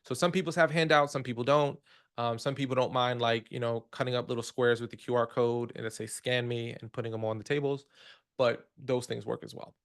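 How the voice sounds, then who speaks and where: A man's voice: mid-range voice, fairly even intonation, fairly quick. A man hosting a webinar Q&A, explaining features in a casual, conversational way and walking through the steps one by one. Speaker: host of a product Q&A webinar.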